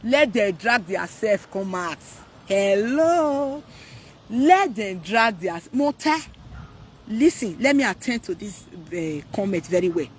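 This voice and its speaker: A man's voice: high voice, expressive, unhurried, slight background noise. A man with a Nigerian accent talking to viewers on a live stream, ranting animatedly and mixing Pidgin, Yoruba and English.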